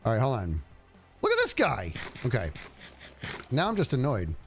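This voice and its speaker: A man streaming a game and chatting casually, animated and jokey, talking to himself as he plays. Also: mid-range voice, moderate pace, faint music behind. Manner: animated, jokey, talks to himself while playing. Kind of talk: casual gameplay commentary.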